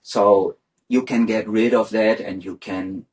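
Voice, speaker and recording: A man's voice: fairly low pitch, steady tone, takes it slowly, a little mellow, poor audio. A man explaining things step by step as an interview guest, using examples.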